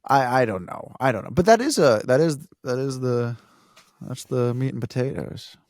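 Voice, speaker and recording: A man co-hosting a podcast in casual, jokey, animated chat. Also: mid-range voice, moderate pace, dry recording, studio quality. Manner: animated, jokey, self-deprecating, restarts a lot. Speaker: podcast co-host.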